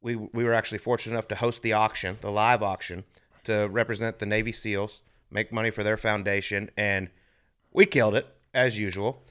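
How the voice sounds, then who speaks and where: A man's voice: fairly low pitch, fairly even intonation, a little fast, a bit bright, smooth. A man co-hosting a podcast in casual, easygoing chat. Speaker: podcast co-host.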